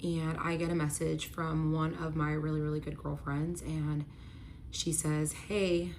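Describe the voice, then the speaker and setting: A woman's voice: sits low, level tone, a little slow, darkish tone, a little hiss or hum. Chatty young woman telling a story. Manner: chatty, frequent "like" fillers, acts out quoted dialogue. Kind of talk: casual storytime.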